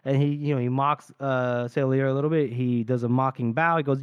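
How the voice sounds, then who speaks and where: A man's voice: mid-range voice, steady tone, brisk, hardly any pauses, clear, resonant tone, no echo, highs cut off. A man co-hosting a casual podcast about a book, retelling scenes and acting out the characters' lines. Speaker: podcast co-host.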